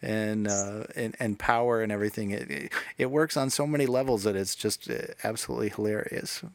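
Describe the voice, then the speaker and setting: A man's voice: fairly low pitch, steady tone, fairly quick, dry recording. A man guesting on a podcast, talking casually in a rambling way with many restarts. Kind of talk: casual chat.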